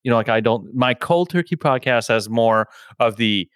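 A man's voice: mid-range voice, expressive, moderate pace, fairly bright tone, no room sound. Rambling male podcast host, dry sound. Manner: rambling, constant "you know, like" fillers; frank, swears casually. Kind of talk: casual conversation.

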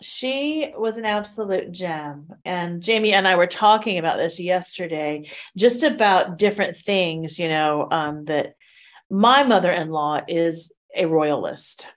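Chatty low-voiced woman co-hosting. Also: unhurried. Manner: chatty, animated storytelling. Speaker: co-host. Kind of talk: casual chat.

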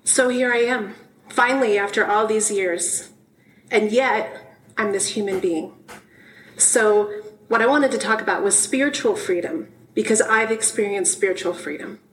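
A woman's voice: mid-range voice, moderate pace, a bit bright, a little hiss or hum, poor audio. Heartfelt middle-aged woman minister preaching. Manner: heartfelt, personal and conversational. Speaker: minister giving her first talk. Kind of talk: sermon. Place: church sanctuary.

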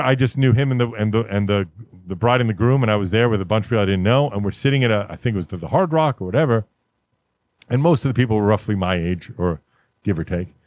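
A man's voice: lowish voice, no echo. A man talking casually as a podcast host, laid-back and swearing freely while telling stories. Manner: laid-back, swears often, name-drops.

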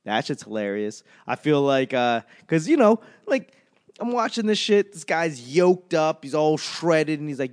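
A man's voice: on the high side, expressive, a little slow, pauses often, a little mellow. Profane, self-mocking male comedian. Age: adult. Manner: profane, self-deprecating, trails off and restarts. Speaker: stand-up comedian. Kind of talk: casual rambling monologue.

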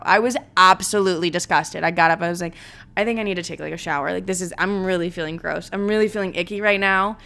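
A woman's voice: medium pitch, fast talker, fairly bright tone. Young woman, casual storytime, brash and profane, filler-heavy. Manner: blunt, profane, dramatic, full of "like".

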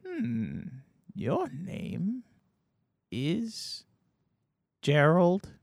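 A man's voice: high voice, huge pitch swings, very slow, gravelly, no echo, studio quality, voice pushed up, heavily acted. A man doing a quavering, senile ancient old man. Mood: doddering. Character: senile ancient man, rambling, wavering and high.

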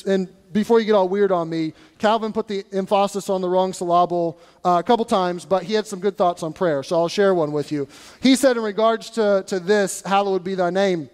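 A male pastor preaching a sermon in a conversational way, asking his congregation rhetorical questions. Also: sits high. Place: church sanctuary. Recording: church hall reverb.

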